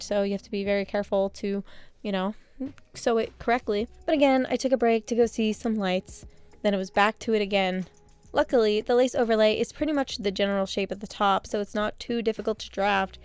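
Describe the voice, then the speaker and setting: Young woman doing chill vlog voiceover, dry jokes at her own expense, smooth voice. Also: mid-range voice. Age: young adult. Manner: deadpan, self-mocking asides. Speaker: sewing vlogger. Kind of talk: casual vlog voice-over.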